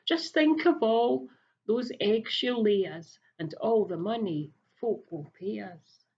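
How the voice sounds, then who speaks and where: A woman's voice: mid-range voice, slow. Hefty Hugh, a scheming burly thief, read by a woman. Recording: dull lo-fi recording.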